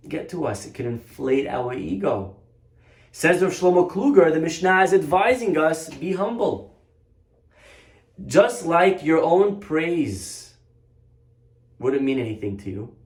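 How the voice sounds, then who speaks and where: A man giving a storytelling religious lesson as a rabbi, animated and acting out the voices in his tale. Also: a little high. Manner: animated storyteller, acts out quotes. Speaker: rabbi teacher. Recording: echoey room.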